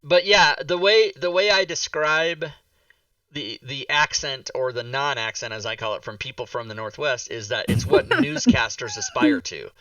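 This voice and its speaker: A man's voice: fairly high pitch, wildly swooping pitch, moderate pace, pushed and bright, dry recording. A man from the Pacific Northwest with a light regional accent, chatting and joking as the host of a livestream. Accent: Pacific Northwest American. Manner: joking, rambling, reads chat aloud. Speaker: streamer host. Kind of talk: casual livestream chat. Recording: dull distant mic.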